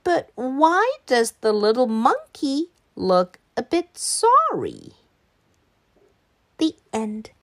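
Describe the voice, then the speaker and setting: Slow sing-song woman teacher reading aloud. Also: on the high side, wildly swooping pitch. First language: Mandarin Chinese. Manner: slow, sing-song storytelling with character voices. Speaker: children's English teacher. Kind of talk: reading a picture book aloud to children.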